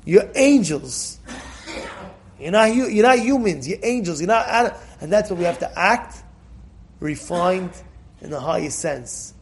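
A Torah teacher gives a class lecture, emphatic and repetitive, occasionally breaking into loud cries to drive a point home. His voice is high and animated, his pace a little slow, with slight background noise.

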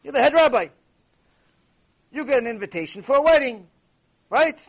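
Guy doing a cheerful humble old rabbi in a story, high husky voice, bouncy. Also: lively intonation, normal speed, full character voice. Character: humble joyful old male sage.

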